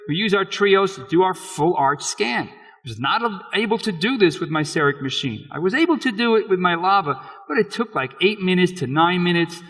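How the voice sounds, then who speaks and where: Dentist lecturing in an echoey hall. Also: male voice, a little high, a bit bright. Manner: conversational, frank, with restarts. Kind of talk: conference lecture walking through case slides. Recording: long reverb of a lecture hall.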